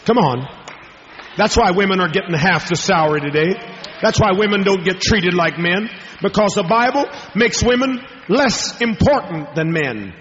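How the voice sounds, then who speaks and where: A man's voice: sits high, lively intonation, moderate pace, a little hiss or hum. Preacher man in a reverberant hall. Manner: dramatic storytelling, swinging from hushed to raised. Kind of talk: sermon. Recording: dull lo-fi recording with long hall reverb.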